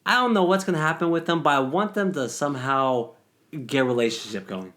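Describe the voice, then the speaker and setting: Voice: medium pitch, brisk, a bit bright. Guest co-host, casual chat, hesitant, repeats words.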